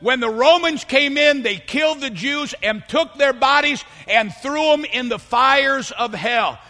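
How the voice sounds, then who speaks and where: A man preaching a fervent sermon to a congregation, often rising into shouts. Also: very high-pitched, measured pace. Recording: long hall reverb.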